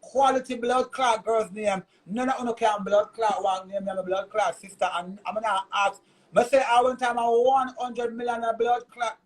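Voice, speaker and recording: A man's voice: very high voice, level tone, moderate pace, rough recording. A man with a Jamaican accent delivering a heated, cursing, repetitive rant in a vlog. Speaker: vlogger.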